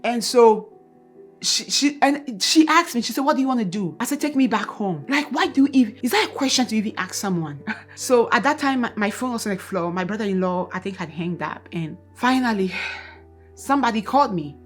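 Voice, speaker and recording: A woman's voice: on the high side, expressive, a little fast, soft background music. Tearful woman sharing a testimony. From Ghana. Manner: earnest and emotional, reliving events in detail. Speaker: co-host of a Christian couple's channel. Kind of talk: personal testimony.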